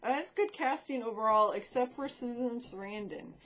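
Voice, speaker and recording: A woman's voice: a little high, normal speed, a bit bright. A woman vlogging in a casual, rambling chat about films and shows she watched, swearing freely as she talks into a desk microphone.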